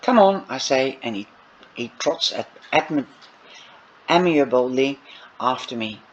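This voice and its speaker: Unhurried man reading a novel aloud. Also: mid-range voice, a bit bright. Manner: unhurried, chatty asides to listeners. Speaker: audiobook reader. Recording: dull lo-fi recording with faint noise.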